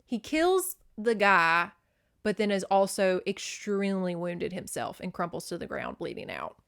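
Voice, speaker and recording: A woman's voice: on the low side, big pitch swings, a little slow, vocal fry, fairly bright tone. A woman hosting a podcast, casually recapping a novel in a chatty, profane way with lots of "like" fillers. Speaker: podcast host.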